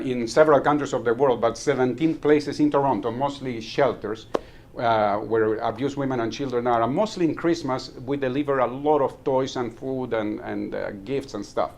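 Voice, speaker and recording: A man giving a humorous club speech, telling anecdotes, acting out the dialogue and chuckling at his own jokes. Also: mid-range voice. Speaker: club member giving a talk. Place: meeting room.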